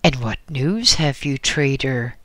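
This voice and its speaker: A man's voice: medium pitch, animated, takes it slowly, bright, forceful tone, no room sound. A man voicing an ancient, frail hermit who speaks mildly in a dry, cracked voice. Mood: calm. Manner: mild. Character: ancient frail male hermit, mild and wise.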